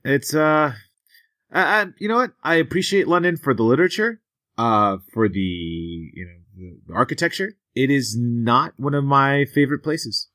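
A man's voice: mid-range voice, expressive, moderate pace, sharp tone. A man co-hosting a casual gaming podcast, teasing in a coy, hesitant way full of fillers. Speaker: podcast co-host.

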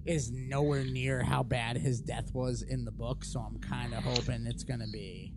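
A man's voice: mid-range voice, fairly even intonation, normal speed. A man in his thirties hosting a casual podcast chat, profane and rambling. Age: 30s. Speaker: podcast host. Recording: noisy background hiss.

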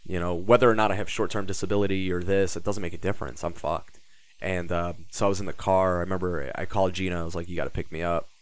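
Man, very low voice, casual podcast host, storytelling, swears freely. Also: little pitch movement, fast, dry recording. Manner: storytelling, swears casually, acts out quoted dialogue.

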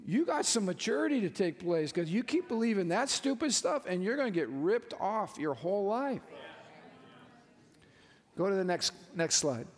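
Male pastor, animated sermon, higher voice, acts out voices, long hall reverb.

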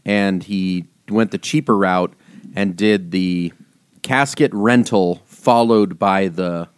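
A man's voice: low voice, slow, smooth, dry recording, clean studio sound. A man in his thirties, a priest co-hosting a podcast, telling rambling anecdotes full of fillers and restarts. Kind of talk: casual podcast chat.

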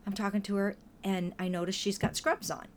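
A woman in casual conversation, telling stories in a lively way and acting out what people said. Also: mid-range voice, a little fast, a little hiss or hum. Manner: lively storytelling, acts out quoted voices. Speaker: podcast guest or co-host. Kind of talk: casual chat.

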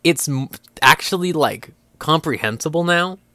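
A man's voice: on the high side, expressive, moderate pace, sharp tone, no room sound. A young man on a podcast, chatting casually and incredulously, with lots of filler words and swearing. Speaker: podcast co-host. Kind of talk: casual chat.

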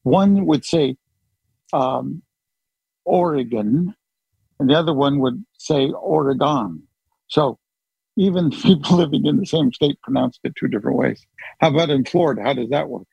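A man's voice: fairly high pitch, normal speed, gravelly, a little mellow, husky, no echo, muffled recording. A man hosting a group call, chatting casually and joking at his own expense. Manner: chatty, joking, self-deprecating. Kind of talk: casual chat.

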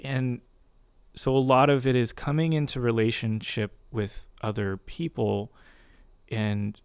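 A man, a marriage and family therapist, earnestly sharing his faith story in a casual conversation, reflective and soft-spoken. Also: mid-range voice, little pitch movement, measured pace, clear, resonant tone, no room sound.

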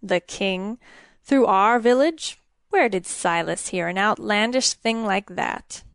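A woman voicing a gruff, suspicious middle-aged male miller who grunts and growls his words. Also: mid-range voice, slow pace, no echo, studio quality.

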